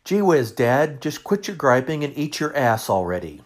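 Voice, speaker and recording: Dad doing his cheeky 13yo boy, loud and teasing, pitched up. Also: steady tone, measured pace, gravelly, exaggerated voice. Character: cheeky thirteen-year-old boy.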